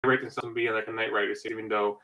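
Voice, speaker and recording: A man's voice: on the low side, level tone, racing, bright, forceful tone, muffled recording. A man co-hosting a podcast, rambling with many fillers. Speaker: podcast co-host. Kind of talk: casual chat.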